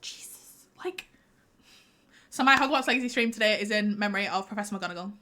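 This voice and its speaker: A young woman chatting casually with her stream viewers, rambling and excitable. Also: medium pitch, rapid-fire. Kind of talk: casual livestream chat.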